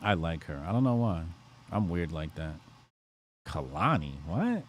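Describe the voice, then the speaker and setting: Man, livestream host, crude joking chat, very animated pitch, profane. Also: a little slow, a little hiss or hum.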